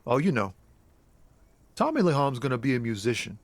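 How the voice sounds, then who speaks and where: An actor playing an earnest young trucker and aspiring rapper in a video game, talking in an easygoing, friendly way. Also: male voice, medium pitch, big pitch swings, brisk, no room sound. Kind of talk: voiced video game dialogue.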